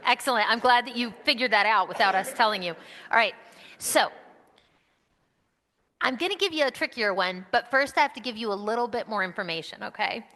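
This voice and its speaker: A woman with a bright, fairly high voice leads a children's message in a church sanctuary. She coaxes and encourages the young volunteers with a steady stream of questions. Her voice rings out with the long reverb of a large hall. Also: a little fast. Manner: encouraging, coaxing, asking children many questions. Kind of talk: interactive children's message during a church service.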